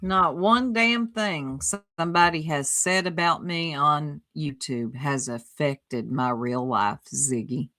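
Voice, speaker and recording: A woman's voice: sits low, slow pace, few pauses, bright, forceful tone. A woman streamer giving blunt, mocking commentary on a clip, laughing often. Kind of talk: reaction commentary.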